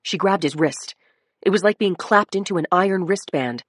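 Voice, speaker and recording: A woman's voice: fairly low pitch, normal speed, no room sound, studio quality. A woman reading a crime audiobook in a dramatic narration style. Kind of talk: scripted narration.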